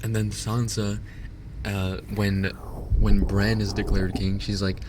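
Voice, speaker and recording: A male streamer rants in a loose, exasperated way, swearing and laughing as he vents. He talks at an unhurried, drawn-out pace into a binaural dummy-head mic, with a faint hiss underneath his voice. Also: on the low side. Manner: animated, exasperated ranting with laughs and profanity. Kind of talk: casual ranting chat.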